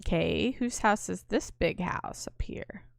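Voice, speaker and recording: A woman playing through a game and reading its dialogue aloud in a relaxed, offhand way. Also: fairly low pitch, unhurried, creaky, no echo, studio quality. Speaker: game streamer.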